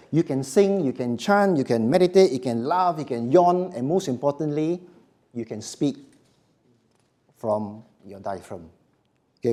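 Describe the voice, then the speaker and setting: Slow, emphatic male voice coach. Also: a little high. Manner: slow, emphatic, dropping to quiet endings. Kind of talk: live voice workshop talk.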